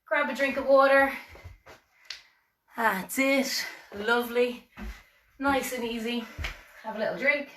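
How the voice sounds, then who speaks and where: A woman's voice: on the high side, fairly even intonation, slow, long pauses, a bit bright, a little hiss or hum. A woman with an Irish accent leading a seated exercise class, encouraging and counting reps with light self-deprecating asides. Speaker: fitness instructor. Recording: echoey room, voice from far off.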